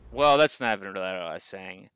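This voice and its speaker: Bright-voiced man, podcast co-host. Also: sits low, fast, smooth, no echo, rough recording. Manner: animated, pushes back in debate. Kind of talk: casual movie podcast chat.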